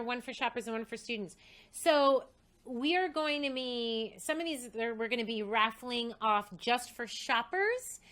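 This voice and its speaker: A woman host excitedly reading out a list of prizes, coughing and short of breath. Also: fairly high pitch. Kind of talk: casual livestream announcement.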